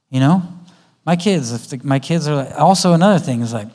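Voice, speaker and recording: In a church auditorium, a man invited to speak at a church conference talks about parenting at a brisk clip. His slightly high, somewhat mellow voice shifts as he acts out what parents and children say to each other.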